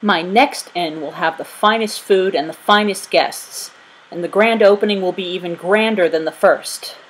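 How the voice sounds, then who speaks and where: A woman voicing a fussy, fearful lanky male innkeeper, in a high-strung, wailing manner. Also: normal speed, breathy edge, poor audio. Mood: proud.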